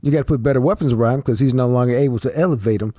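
A man's voice: medium pitch, rapid-fire, warm tone, dry recording, clean studio sound. Blunt, slangy man on a podcast. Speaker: podcast co-host. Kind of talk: casual sports talk and ad reads.

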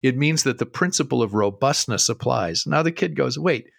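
A middle-aged man on a podcast, co-hosting and telling an animated story with a lot of laughter. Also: mid-range voice, normal speed, gravelly, no room sound, studio quality. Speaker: co-host. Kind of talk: casual storytelling.

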